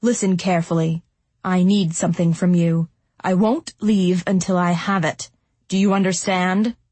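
A woman's voice: lowish voice, fairly even intonation, moderate pace, dark tone, husky, no room sound. A woman voicing a mysterious young male fallen angel who talks in a lazy, mocking, commanding way in a storybook reading.

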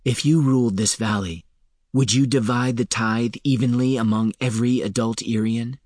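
A man voicing a principled woman who speaks quietly and firmly in an audiobook. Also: medium pitch, steady tone, moderate pace, no room sound, clean studio sound, natural voice. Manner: quiet, firm. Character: firm, principled winged woman healer.

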